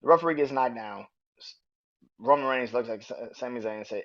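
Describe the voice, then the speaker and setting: A man hosting a podcast, casually reviewing a wrestling match in a profane, animated way. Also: medium pitch, a little fast, pauses often. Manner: animated, profane, acts out quotes in raised voices. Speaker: podcast host. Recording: dull lo-fi audio.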